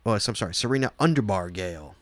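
A man's voice: on the low side, animated, quick pace, a bit bright, no room sound. A man co-hosting a casual podcast, reading listener mail and teasing his partner. He laughs a lot, and his voice swoops up and down as he jokes. The sound is dry and close. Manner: joking, laughs often, teasing. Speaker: podcast co-host.

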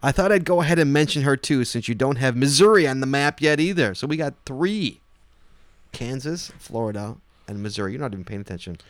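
A man's voice: medium pitch, lively intonation, fairly quick, no echo. A man co-hosting a casual podcast, reading out listener email and teasing his co-host, laughing often.

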